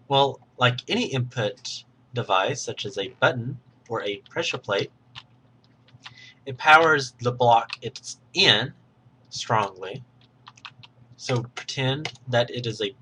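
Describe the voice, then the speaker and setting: A man's voice: medium pitch, sharp tone, slight background noise. A man patiently explaining game mechanics step by step while recording his screen, sometimes correcting himself mid-sentence. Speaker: tutorial host.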